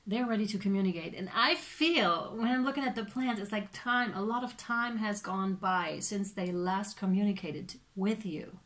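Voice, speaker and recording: A woman's voice: mid-range voice, moderate pace, hardly any pauses. Chatty woman giving a tarot reading. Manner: chatty, animated, lots of fillers and acted-out reactions. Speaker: tarot reader.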